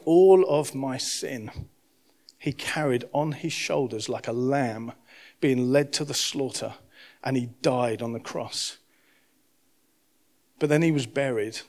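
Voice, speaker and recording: Male pastor, young adult to 30s, preaching with surging emphasis and hushed asides. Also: medium pitch. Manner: impassioned, swings between loud emphasis and hushed lines. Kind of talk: sermon.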